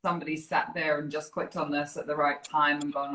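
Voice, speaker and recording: A woman's voice: sits low, flat delivery, a little fast, sharp tone, a little hiss or hum. A woman who is a fitness program director, chatting casually and animatedly on a live video call, laughing often. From New Zealand. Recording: roomy echo.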